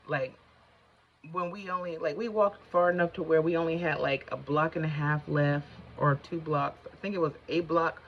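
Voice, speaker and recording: A middle-aged woman vlogger with a low, steady voice chats casually with her viewers at a normal speed while doing her makeup. She rambles through a story, gets sidetracked easily, and calls her audience "y'all" in a colloquial way. The lo-fi recording sounds slightly dull.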